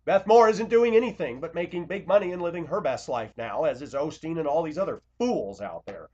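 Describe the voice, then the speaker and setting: A man speaking to camera in an impassioned confessional monologue, blunt and confrontational, swinging between loud outbursts and quiet asides. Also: on the high side, animated, a little fast. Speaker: Christian video blogger. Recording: dull lo-fi recording.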